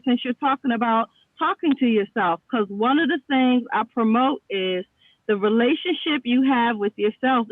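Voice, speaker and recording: A woman's voice: high-pitched, no echo. A woman calling in to a talk show, coaching the hosts with reflective questions. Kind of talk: casual chat. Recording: tinny phone line.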